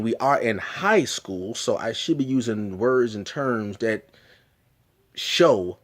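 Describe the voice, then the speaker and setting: A man vlogging a personal story in an earnest, emphatic way, often restarting and repeating himself. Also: mid-range voice.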